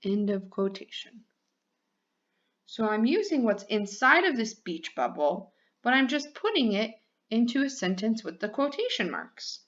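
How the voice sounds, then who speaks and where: A woman teacher speaks to young children in a slow, clear, sing-song voice, stretching out her words. Her voice sits a little high. The recording sounds dull and lo-fi, like a simple home setup. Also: very animated. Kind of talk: classroom lesson for children.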